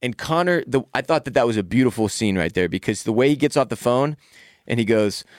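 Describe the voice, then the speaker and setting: A man co-hosting a podcast in casual chat, opinionated and animated, cutting in on his partner. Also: mid-range voice, a little fast, dry recording, studio quality. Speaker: podcast co-host.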